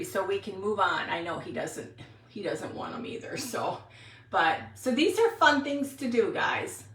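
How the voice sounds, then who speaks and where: Bright-voiced woman in her sixties, roomy. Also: mid-range voice. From Wisconsin, USA. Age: 60s. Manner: chatty, rambling, answers viewer comments. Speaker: craft livestream host. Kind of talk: casual craft livestream chat. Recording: roomy, mic at a distance.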